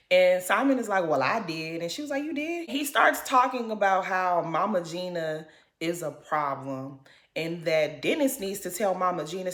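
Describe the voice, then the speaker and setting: A woman's voice: mid-range voice, sharp tone. Blunt woman recapping, echoey room. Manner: blunt, opinionated, acts out quotes of the cast. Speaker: reality show recap commentator. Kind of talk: casual recap commentary.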